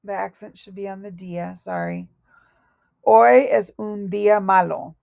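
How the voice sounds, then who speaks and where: A woman teaching a Spanish lesson from her notes, speaking slowly and deliberately and correcting herself aloud as she goes. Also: medium pitch, steady tone, gravelly, a little mellow, dry recording. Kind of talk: recorded lesson reading through notes.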